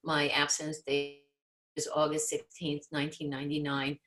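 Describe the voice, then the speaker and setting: A woman speaks at a support meeting in a wry, matter-of-fact way. Her voice sits a little low yet sounds bright and forward. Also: monotone, moderate pace, rough recording. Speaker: meeting member sharing. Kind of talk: twelve-step share.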